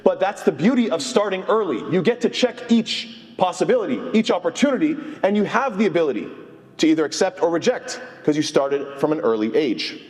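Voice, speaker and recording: A man's voice: on the high side, expressive, a little fast, darkish tone. Man preaching in a reverberant hall. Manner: earnest, mixes Arabic phrases. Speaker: imam. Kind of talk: mosque sermon.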